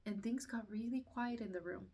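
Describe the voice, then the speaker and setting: A woman's voice: fairly high pitch, moderate pace, vocal fry, breathy edge, recorded from a distance. Woman casually telling a personal story. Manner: animated retelling, acting out quotes, laughing through tense parts. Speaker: vlogger telling her birth story.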